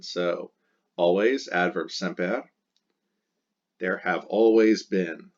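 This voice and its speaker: Low-voiced male teacher, patient and methodical, repeating each key word; dull lo-fi recording. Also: fairly even intonation, slow pace, long pauses. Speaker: Latin teacher. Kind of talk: explaining a textbook exercise.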